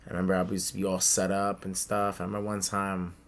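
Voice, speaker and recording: A young man from the Bronx telling a childhood story in casual podcast chat, animated, swearing freely and acting out the voices of people he quotes. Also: low-pitched, quick pace. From the Bronx, New York. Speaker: podcast co-host. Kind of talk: casual storytelling among friends.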